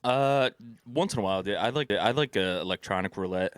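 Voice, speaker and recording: A man's voice: lowish voice, fairly quick, dry recording, studio quality. A young man, a podcast guest, chatting in a laid-back way with short, easy replies. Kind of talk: casual chat.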